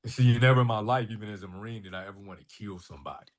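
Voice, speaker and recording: A man's voice: fairly low pitch, rapid-fire. A middle-aged man, a guest on a podcast, telling a personal story with animation and acting out the dialogue. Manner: animated storyteller who acts out quoted dialogue. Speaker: podcast guest, artist and filmmaker.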